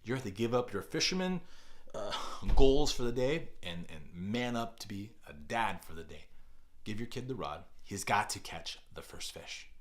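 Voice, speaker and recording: A middle-aged man, a kids pastor, giving parenting advice on a podcast with deliberately exaggerated, energetic delivery. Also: fairly low pitch.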